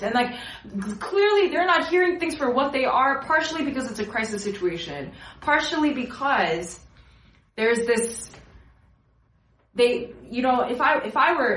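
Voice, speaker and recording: A woman's voice: a little high, moderate pace, reverberant, rough recording. A young woman giving a casual sermon, telling stories animatedly and acting out other people's voices. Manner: animated storytelling with acted-out voices. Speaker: preacher.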